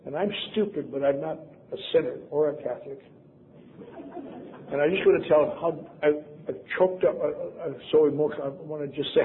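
A man's voice: on the high side, fairly quick. An older man from Wisconsin telling a personal story with wry, self-deprecating humor. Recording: tinny phone-like sound, faint noise.

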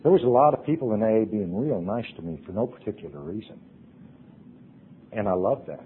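A man telling his recovery story to a meeting, earnest, his voice dropping hushed at emotional points. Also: lowish voice, expressive, brisk, husky. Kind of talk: personal recovery talk. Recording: tinny phone-like recording.

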